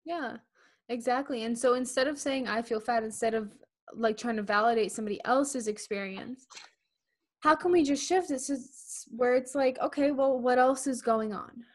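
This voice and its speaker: A woman's voice: fairly high pitch, normal speed. A young woman co-hosting a podcast in casual chat, who keeps acting out quoted inner voices. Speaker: podcast co-host.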